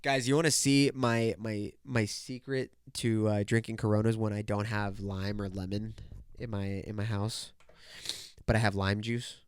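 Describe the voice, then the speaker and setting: A man in his twenties hosting his own podcast from home, telling a story casually. He is animated, swears freely and laughs as he goes. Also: fairly low pitch, normal speed, clean tone, no echo, studio quality. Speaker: podcast host.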